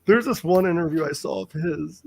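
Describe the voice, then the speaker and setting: Swearing, animated male podcast host. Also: a little high, moderate pace, vocal fry. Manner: animated storytelling, heavy swearing. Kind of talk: casual chat.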